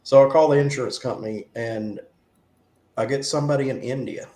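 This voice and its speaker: A man hosting a casual chat with friends, animated as he tells stories and mimics call-center voices. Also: medium pitch, fairly quick. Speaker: host. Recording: roomy with faint background hum.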